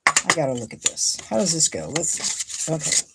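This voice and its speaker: A woman's voice: low voice, sing-song, moderate pace, background noise. A woman from Ohio chatting casually and thinking aloud as she makes a paper card. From Ohio, USA. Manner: chatty, thinks aloud while cutting and gluing. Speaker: card-making crafter, host. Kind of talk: casual crafting livestream chat.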